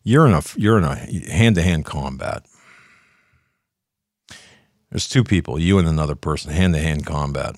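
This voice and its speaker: Older man, talk show host, very low voice, wildly animated, dry close sound, heated commentary. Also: normal speed, pauses often, no room sound. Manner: fiery, swings from low mutter to shouting. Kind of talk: opinionated commentary.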